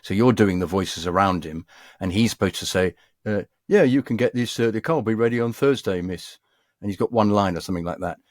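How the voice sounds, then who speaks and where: A man's voice: lowish voice, fairly quick, a little mellow, no echo. A man who is a guest voice actor, telling rambling studio anecdotes in a casual chat. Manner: rambling anecdotal storytelling with hesitations.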